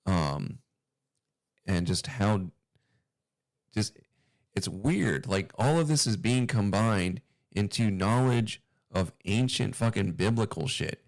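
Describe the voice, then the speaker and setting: A man's voice: lowish voice, animated, slow, pauses often, dry recording. A man hosting a commentary video, talking casually in a rambling, uneasy and profane way.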